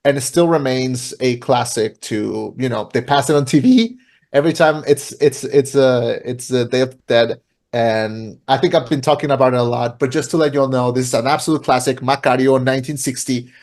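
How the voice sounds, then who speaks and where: A man on a podcast retells a film in casual chat. He talks at a medium pitch, full of fillers and restarts. His sentences wander before they land. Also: brisk, a little mellow. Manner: rambling, filler-heavy, many restarts. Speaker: podcast co-host.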